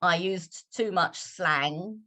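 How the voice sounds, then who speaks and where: A British woman English teacher from London, speaking with a polished RP accent in measured, slowed speech on a video call. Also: on the low side, bright, forceful tone. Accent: British RP, London roots. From London, England. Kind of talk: online Q&A talk.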